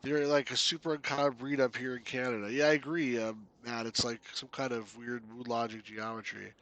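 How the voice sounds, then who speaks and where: Chatty bright-voiced man playing a game. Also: mid-range voice, flat delivery, brisk. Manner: chatty, laughs often, reads game text aloud. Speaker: game reviewer. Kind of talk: casual gameplay commentary.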